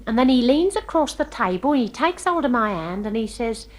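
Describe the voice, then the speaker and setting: A woman's voice: on the high side, sing-song, normal speed. An actress playing a chatty, starry-eyed young working-class girl from London, telling a comic story with gossipy, ungrammatical speech. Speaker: comic monologue performer. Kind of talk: comic character monologue.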